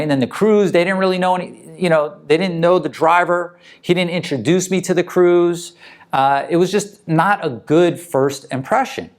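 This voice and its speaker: A man coaching moving company owners in a casual motivational talk, talking conversationally and often checking in with the listener. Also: a little high. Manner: conversational, tag questions.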